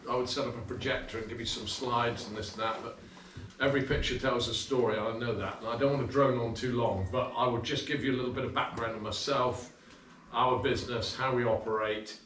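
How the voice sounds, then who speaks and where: Chatty man, slightly worn voice, distant. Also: mid-range voice. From England. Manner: relaxed, chatty storytelling. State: voice a little worn from selling. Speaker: guest speaker, livestock auctioneer. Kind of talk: informal talk to a club. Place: pub function room. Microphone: far camera. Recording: roomy, distant, faint room noise.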